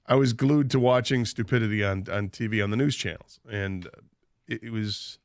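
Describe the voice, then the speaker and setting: A man's voice: lowish voice, steady tone, moderate pace, no echo, clean studio sound. A man hosting a radio show, telling a story in casual banter and laughing often.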